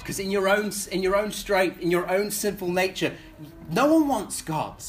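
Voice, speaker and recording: A man's voice: sits high, animated, unhurried, a little hiss or hum. Earnest man preaching a sermon. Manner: earnest, pleading, frequent restarts, voice swings up and down in intensity. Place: church gathering.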